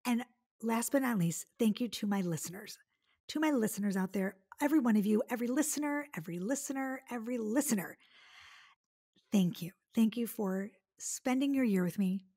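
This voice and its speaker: Tearful, a forties-aged podcast host from around Detroit delivers an effusive, filler-heavy solo monologue on her own show. She speaks briskly in a slightly high voice with a dark tone.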